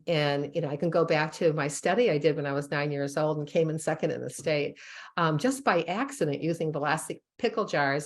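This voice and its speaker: A woman physician telling stories in a casual interview, animated and full of "you know" fillers, often breaking into laughter. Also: low voice. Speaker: chiropractic sports physician and author, guest.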